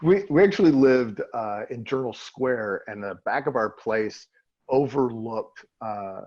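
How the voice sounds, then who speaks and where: A man hosting a casual podcast interview, laughing often and trading quick asides. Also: mid-range voice, animated, a little mellow, muffled recording. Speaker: podcast host.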